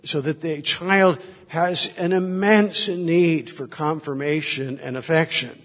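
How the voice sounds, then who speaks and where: Husky male priest, reflective storyteller, echoing hall around him. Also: on the high side, steady tone, slow, a bit bright. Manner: reflective storytelling, moving in and out of quoted voices. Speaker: Catholic priest. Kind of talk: sermon with anecdotes.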